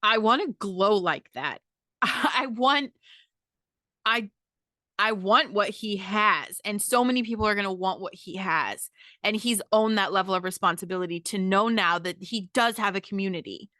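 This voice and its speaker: Bright, punchy woman ranting with profanity. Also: medium pitch, moderate pace, no room sound, clean studio sound. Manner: emphatic, profane, keeps asking "okay?". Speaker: podcast host. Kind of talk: casual monologue.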